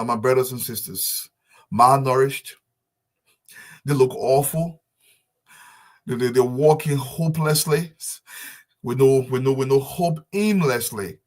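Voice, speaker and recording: Man, fervent repetitive appeal, mid-pitched voice, surges from hushed to raised. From Liberia. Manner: fervent, pleading, repetitive, swinging from soft to loud. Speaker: diaspora business advocate. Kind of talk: impassioned public appeal.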